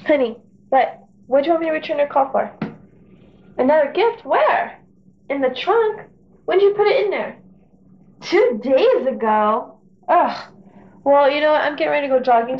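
A woman's voice: high-pitched, animated, normal speed, creaky, long pauses. A woman playing a spoiled, bossy rich wife in a scripted comedy skit, whiny and chatty. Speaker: wrestling boss's wife in a skit. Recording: dull lo-fi, loud hiss.

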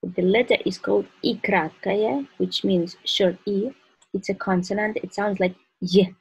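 A woman's voice: mid-range voice, fairly even intonation, a little slow, gravelly, darkish tone, slightly rough, lo-fi sound. A woman with a Russian accent teaching the alphabet, patiently saying each letter and example word and repeating them. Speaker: language teacher. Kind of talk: alphabet lesson with spoken examples.

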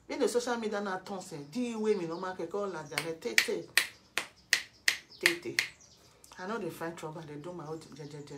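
A woman's voice: on the low side, moderate pace, long pauses, heavy background noise. Confrontational Nigerian woman, lecturing a rival. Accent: Nigerian Pidgin English. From Edo State, Nigeria. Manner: confrontational, lecturing, many rhetorical questions. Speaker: vlogger. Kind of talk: scolding monologue to a rival.

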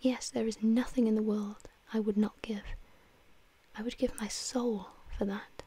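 A woman's voice: on the high side, little pitch movement, unhurried, warm tone, slightly rough. A woman whispering the part of an anguished, vain young man in a whispered role-play reading.

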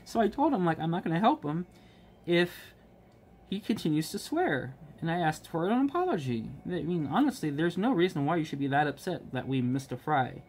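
A man chatting casually about his work as a restaurant manager, rambling with many ums and restarts and getting animated when he quotes people. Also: on the high side, moderate pace, slight background noise. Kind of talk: casual storytelling while crafting.

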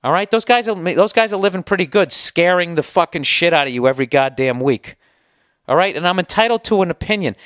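A man's voice: high voice, a bit bright, no room sound, studio quality. A man hosting a solo podcast, answering listener email in a heated, sarcastic, profane rant. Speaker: podcast host.

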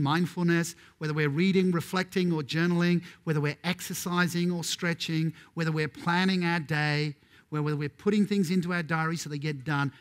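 A middle-aged man delivers a keynote in a conference hall, and his voice sits fairly high for a man. He tells stories with energy and keeps putting questions to the crowd. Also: a bit bright. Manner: storytelling, addresses the audience with questions. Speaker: keynote speaker.

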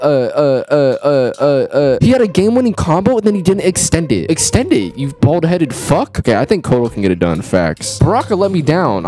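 A young man streaming a fighting game, cursing at the characters and going from low muttering to shrieks. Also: darkish tone. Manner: profane, trash-talks the fighters, swings from low muttering to shrieks. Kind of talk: live gameplay commentary. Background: game music.

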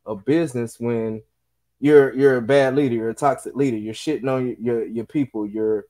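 A young man co-hosts a casual podcast, speaking at medium pitch with a brisk, ordinary mid-range voice. He swears freely and tells lively stories, putting on the voices of the people he quotes, and the talk stays loose and conversational.

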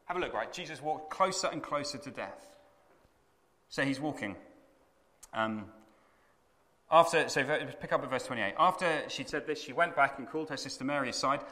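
A man's voice: medium pitch, normal speed, long pauses, pushed and bright, big-room sound. A man preaching a sermon at a conference, telling the story dramatically and with animation. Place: conference hall.

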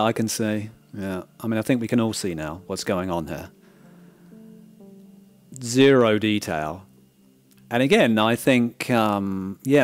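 Frank man reviewing a disc. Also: fairly low pitch. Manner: frank, repeats "right?" often, restarts words. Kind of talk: casual critical review.

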